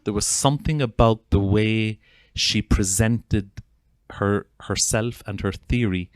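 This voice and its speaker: A man with an Irish accent speaks earnestly and from the heart, addressing an audience in an informal talk. His voice sits fairly low, and he often restarts his phrases. The sound is close and dry, with no room echo. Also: takes it slowly. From Ireland. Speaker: gestalt psychotherapist giving a talk.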